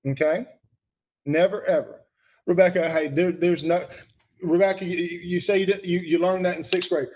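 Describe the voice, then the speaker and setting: Man, teacher, online grammar lesson, emphatic, repeats points, slightly high voice, dull lo-fi sound. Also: steady tone, moderate pace. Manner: emphatic, repeats for effect, addresses students by name.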